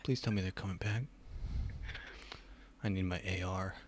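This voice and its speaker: A man's voice: sits low, steady tone, normal speed, slight background noise. Joking young man, casual podcast banter. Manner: joking, laughs often. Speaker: podcast co-host.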